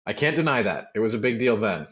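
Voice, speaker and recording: A man's voice: on the low side, big pitch swings, fast talker, over a noisy crowd. A man co-hosting a casual podcast chat, easygoing and playfully sarcastic. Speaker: podcast co-host.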